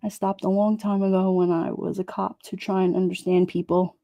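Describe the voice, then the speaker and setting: A woman's voice: medium pitch, level tone, brisk, creaky, mellow, no room sound, studio quality. A middle-aged woman with a New York accent chatting casually to her livestream, blunt and streetwise, often breaking into laughs. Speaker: livestream host. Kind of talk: casual live-chat talk.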